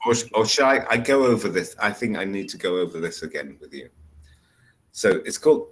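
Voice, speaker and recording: A man's voice: on the low side, lively intonation, a little fast, fairly bright tone, poor audio. A man tutoring English one-on-one over a video call, explaining patiently with repeated examples. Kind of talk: one-on-one online English lesson.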